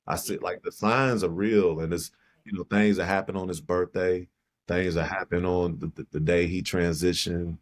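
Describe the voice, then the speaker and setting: A very deep-voiced middle-aged man from Chicago, guesting on a podcast. He speaks in a reflective, halting manner and circles back to repeat key phrases. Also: steady tone. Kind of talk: personal storytelling in conversation.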